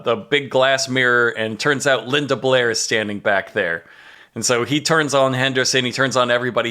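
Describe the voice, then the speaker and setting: A man's voice: mid-range voice, pushed and bright. A man on a comedy podcast, animatedly retelling a TV episode's plot in casual chat and laughing at his own jokes. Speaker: podcast co-host recapping an episode.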